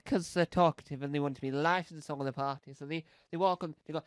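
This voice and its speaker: A man's voice: a little high, steady tone, fast, hardly any pauses, clear, resonant tone, no room sound. A man doing rambling, playful stand-up comedy, repeating words for laughs.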